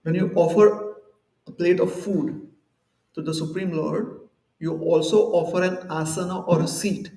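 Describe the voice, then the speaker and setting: A man delivers a conversational devotional lecture with a high, gravelly voice. He explains ideas through everyday examples and little acted-out quotes. He is heard from some distance in an echoey temple hall. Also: steady tone, a little slow, warm tone. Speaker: temple speaker.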